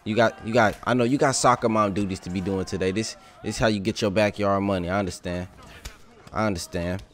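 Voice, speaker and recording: A young man giving casual, excitable commentary over his own gameplay, trash-talking and laughing at the game. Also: lowish voice, brisk. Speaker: gaming YouTuber.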